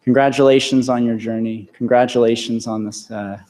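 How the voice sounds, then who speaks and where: A man's voice: medium pitch, steady tone, brisk, mellow. A man in his thirties giving a convocation address, earnest and repeating phrases for emphasis, to a large hall. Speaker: convocation speaker. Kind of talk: commencement speech. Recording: echoey hall reverb.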